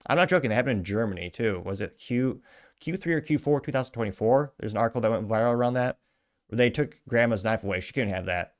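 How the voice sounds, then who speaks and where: A man's voice: medium pitch, lively intonation, fast talker. A man hosting a commentary show, reading out comments and ranting with indignant sarcasm. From United States. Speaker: host.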